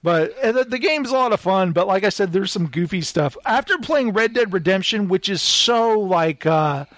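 Male podcast host, high voice, loose amused rambling delivery, dry close sound. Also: animated, normal speed, a bit bright, dry recording. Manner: chatty and amused, full of filler "like". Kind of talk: casual podcast chat.

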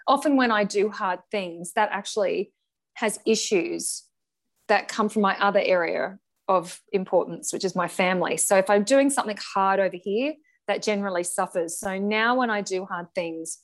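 A middle-aged woman speaks as an interview guest. She tells her story with energy and laughs often. Her voice sits at an ordinary, mid-range pitch. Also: moderate pace. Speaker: guest, charity founder. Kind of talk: conversational interview.

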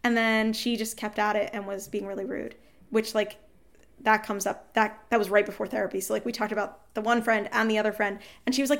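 A woman telling a frank, animated story about fights with her partner, quoting both sides, swearing and laughing ruefully. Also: mid-range voice, a little fast, gravelly. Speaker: guest seeking advice. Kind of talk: candid emotional storytelling.

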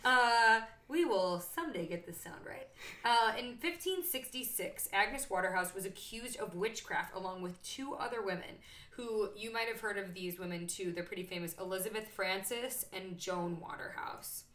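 Bright, joking woman podcast co-host. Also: mid-range voice, normal speed. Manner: joking, rambling with many side stories. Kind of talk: casual chat.

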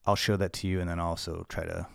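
Young man, podcast host, casual film chat, deep flat voice, dry. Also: fast talker, vocal fry, clean tone, dry recording.

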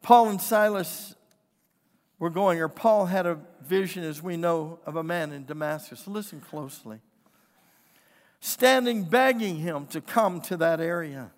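A man preaching a sermon, building from quiet storytelling to impassioned, shouted declarations. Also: on the high side, unhurried. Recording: long hall reverb.

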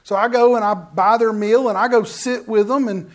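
Animated preacher man. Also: high voice, normal speed. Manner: animated, swings from loud emphatic bursts to hushed near-whispers, repeats words. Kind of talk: sermon with personal stories.

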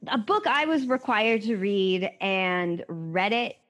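A woman's voice: medium pitch, slow, fairly bright tone. A woman from Colorado co-hosting a casual book podcast, chatty and self-mocking, swearing freely. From Colorado, USA. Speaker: podcast co-host. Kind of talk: casual book-club chat.

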